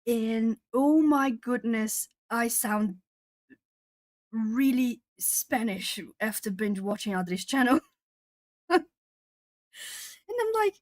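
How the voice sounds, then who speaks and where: A woman's voice: on the high side, expressive, takes it slowly, pauses often, darkish tone, no echo. A young woman chatting casually with viewers and reading their comments aloud; she laughs often and repeats or restarts words. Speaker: art channel host.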